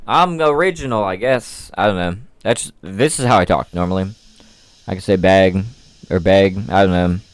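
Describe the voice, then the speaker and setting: A man's voice: deep voice, lively intonation, normal speed, clean tone. A young man from Wisconsin, co-hosting a casual podcast, laid-back and teasing as he banters. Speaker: podcast co-host.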